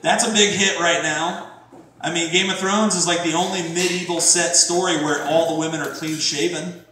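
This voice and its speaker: A middle-aged man performing a crude stand-up comedy set, jumping into shouted high-pitched impressions. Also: fairly even intonation, normal speed, far from the mic. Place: comedy club stage. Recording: very echoey room from afar, faint noise.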